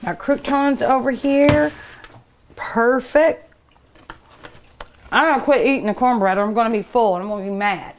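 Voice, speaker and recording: Middle-aged woman on her cooking show, bit higher voice, chatty and eager, talking to viewers as she cooks. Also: steady tone, normal speed, long pauses, a little hiss or hum. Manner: chatty, emotional, eager and hungry, talks to viewers. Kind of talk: casual cooking show chat. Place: restaurant kitchen.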